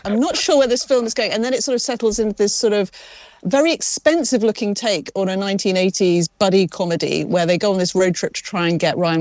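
A woman's voice: medium pitch, dry recording. Chatty wry woman film critic. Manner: chatty, wry, animated storytelling. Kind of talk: conversational film review.

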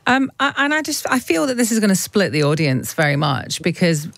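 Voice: mid-range voice, sing-song, brisk, a bit bright, no echo. A host asking questions and musing aloud in a radio discussion, hesitant with many restarts. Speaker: show host.

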